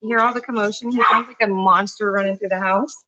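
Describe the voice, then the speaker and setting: Live-streaming from her home kitchen as she cooks, a woman chats and rambles between topics, breaking off to speak to her dog and family. Her middle-pitched voice is fast, fairly even in intonation, and pushed and bright, though the audio is slightly dull and muffled.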